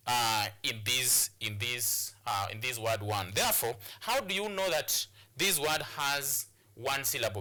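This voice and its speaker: Kenyan guy teaching english, sharp bright voice, kinda high, keeps restarting his sentences. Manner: repetitive, restarting phrases while explaining. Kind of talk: classroom lesson on English pronunciation.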